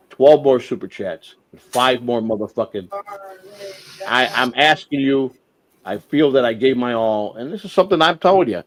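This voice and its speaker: A man hosting a livestream, ranting with heavy swearing, flaring loud and then dropping to a mutter. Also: mid-range voice, rough recording. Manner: profane, heated, swings from shouting to muttering. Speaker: livestream host. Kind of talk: unscripted livestream rant.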